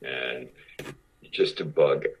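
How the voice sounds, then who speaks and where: A man's voice: a bass voice, drawn-out words, a little hiss or hum, rough recording. A man, a guest actor, telling stories in casual talk and acting out other people's lines as he goes. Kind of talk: casual anecdotal storytelling.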